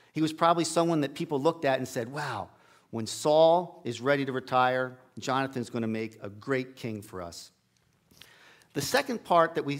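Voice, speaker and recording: A middle-aged man preaching a casual storytelling sermon in a church sanctuary, acting out the characters' lines with a raised voice. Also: mid-range voice. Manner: folksy, acts out Bible characters' lines with raised voice.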